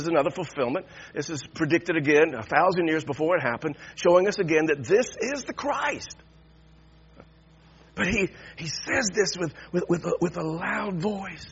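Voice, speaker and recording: A man preaching a sermon in an animated way, swinging from hushed asides to loud, stretched-out emphasis. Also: sits high, breathy edge, highs cut off. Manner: animated, swings from hushed to loud, acts out the crowd's mocking laughter.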